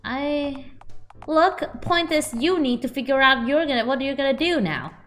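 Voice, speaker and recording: Slow, highly animated woman streamer. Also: soft background music. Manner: giggly, flustered, swears casually. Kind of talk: casual game stream, reading dialogue aloud.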